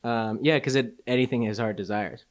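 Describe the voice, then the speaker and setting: Young man, casual movie chat, profane, jokey, quick laughs, mid-pitched voice. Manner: profane, joking, laughs often. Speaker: podcast co-host.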